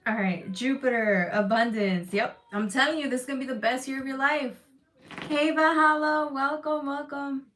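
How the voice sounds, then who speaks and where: A woman's voice: high voice, moderate pace, fairly bright tone, slight background noise. A woman giving a live tarot reading to her chat, emphatic and reassuring, repeating phrases, swearing casually and getting emotional. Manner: emotional, close to tears at times. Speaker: tarot reader.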